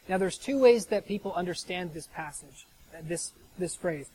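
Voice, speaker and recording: A man's voice: high voice, animated, normal speed, hardly any pauses, mellow, slight background noise, rough recording. An American man preaching a sermon in a chatty way, often checking in with "right?". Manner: chatty, asks rhetorical "right?". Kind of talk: conversational sermon.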